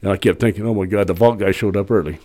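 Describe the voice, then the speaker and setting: A middle-aged man, a podcast guest, telling a long rambling story in a casual, animated way with frequent restarts. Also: on the low side, fast.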